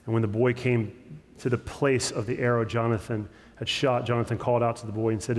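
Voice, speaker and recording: A man preaching a sermon as a pastor, his delivery swinging between loud emphatic stresses and hushed, drawn-out words. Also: medium pitch, flat delivery. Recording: long hall reverb.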